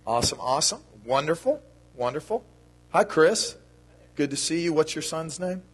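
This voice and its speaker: A man's voice: a little high, animated, moderate pace, slightly rough. A man giving a children's sermon in a church, talking to the kids in a playful, friendly way. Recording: long reverb of a church hall.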